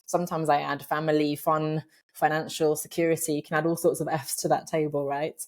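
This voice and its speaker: A middle-aged woman being interviewed from her home office, talking in a lively, animated way, laughing often and acting out voices in her head. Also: deep voice, brisk. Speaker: podcast guest, career coach. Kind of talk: casual conversational interview.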